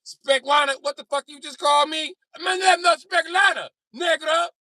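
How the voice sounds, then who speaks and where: A man voicing a shrill, cursing Eastern European girlfriend, shrieking in an argument. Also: normal speed, bright, forceful tone, no echo, studio quality. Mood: furious. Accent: Eastern European (put on).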